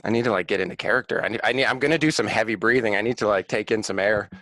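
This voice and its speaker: A man's voice: fairly low pitch, racing, fairly bright tone, no echo. A man playing a comedy game, making dry joking asides. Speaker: podcast co-host and game player. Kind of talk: casual comedic banter.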